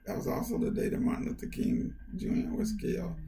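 An older man, a county councilmember, telling personal stories in an interview, animated and acting out family quotes. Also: extremely high pitch, a little fast, background noise. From United States. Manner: animated, lively storyteller who acts out family quotes. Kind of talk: conversational storytelling.

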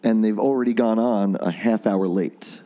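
A man's voice: fairly low pitch, normal speed, mellow. A man co-hosting a casual podcast, easygoing and wry, agreeing often and teasing his partner. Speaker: podcast co-host. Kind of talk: casual chat.

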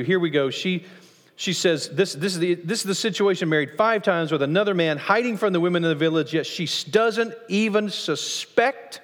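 A man preaching a sermon as pastor of a church, lively, acting out voices from the passage as he teaches. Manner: animated, acts out quoted voices with rising pitch. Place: church sanctuary. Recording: long church reverb.

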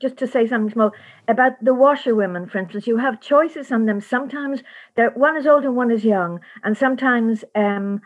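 A woman's voice: a little high, a little fast. A woman audiobook narrator talking thoughtfully in an interview, searching for her words. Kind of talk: reflective interview talk. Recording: slightly dull lo-fi sound.

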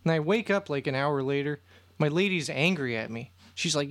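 A young man co-hosting a comedy podcast, telling a rambling, profane story in a deadpan way amid crude banter. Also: a little high, moderate pace. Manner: rambling, profane, deadpan parody of a movie plot. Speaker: podcast co-host.

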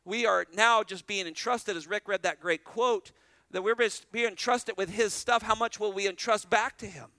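A man preaching a sermon as pastor, animated, repeating phrases and restarting lines as he drives each point home. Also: high voice, moderate pace, hardly any pauses, no echo.

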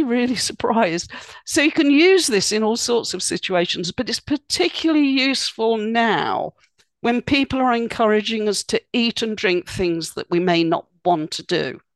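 A woman talks through practical advice as a podcast guest. She explains things casually, filling pauses with "um" and "you know". Her voice is recorded close on a dry, roomless mic. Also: fairly high pitch, no echo. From United Kingdom. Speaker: guest expert.

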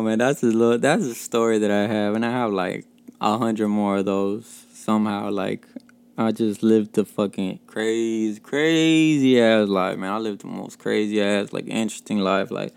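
A man's voice: fairly low pitch, gravelly, darkish tone, clean tone. A man from Mexico hosting a casual podcast, telling stories in a loose, profane way, full of fillers and chuckles. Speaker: podcast host.

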